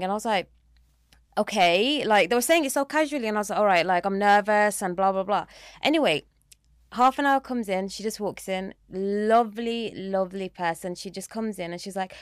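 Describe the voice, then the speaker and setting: A woman's voice: medium pitch, fairly quick, clean tone, dry recording. Chatty young woman, dry sound. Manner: chatty, uses many fillers like "like" and "you know". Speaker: guest. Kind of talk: casual chat.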